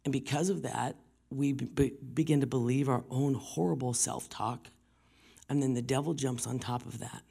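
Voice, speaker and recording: Gravelly-voiced woman preaching a testimony. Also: a bass voice, steady tone, normal speed, dark tone. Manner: storytelling, often dropping to a whisper. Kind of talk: sermon with personal testimony.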